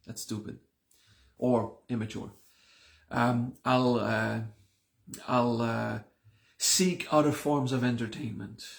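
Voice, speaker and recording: Gravelly voiced guy giving a chill spiritual class, talks loose, repeats stuff, lots of restarts. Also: medium pitch, fairly even intonation, slow pace, pauses often. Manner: conversational, repeats himself, many restarts. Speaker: spiritual teacher. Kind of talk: live-streamed class talk.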